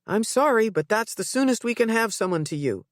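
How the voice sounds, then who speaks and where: Brief: routine emergency dispatcher in an audiobook, as a woman reader voices it. Brisk, procedural, dry sound. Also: a little high, animated, no room sound, voice pushed up, natural voice. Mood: businesslike.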